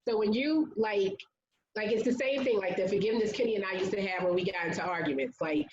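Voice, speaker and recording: Woman, interview guest, candid storytelling, chatty fillers, medium pitch, echoey room. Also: fast, muffled recording, music in the background. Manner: earnest, conversational, many "like" fillers.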